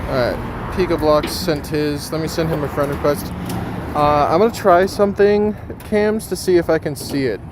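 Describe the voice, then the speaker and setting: Chatty male streamer outdoors, higher voice. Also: normal speed, noisy background. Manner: chatty, reads viewer comments aloud with frequent ums. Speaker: live streamer. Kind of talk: casual live-stream chat.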